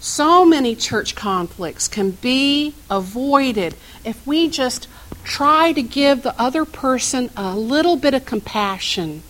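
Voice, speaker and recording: Slow-speaking woman minister preaching. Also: high-pitched, a bit bright, poor audio. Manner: storytelling, asks the congregation questions. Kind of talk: sermon.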